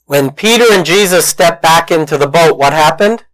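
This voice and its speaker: Male pastor with a higher voice, animated sermon delivery with acted-out voices and a dry, close sound. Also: moderate pace, no echo, rough recording. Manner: animated storytelling, acts out voices, asks the congregation questions.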